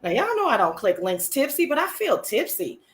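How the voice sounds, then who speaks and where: A high-pitched woman runs her own live chat show at a moderate pace. She's sassy, slangy and excitable, chatting casually and erupting now and then in shrieks of laughter.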